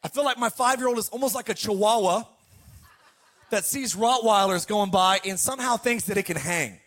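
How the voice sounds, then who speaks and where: A middle-aged male pastor preaches at a moderate pace, his voice high and bright. He tells family stories with lively, animated energy and keeps calling on the congregation to respond.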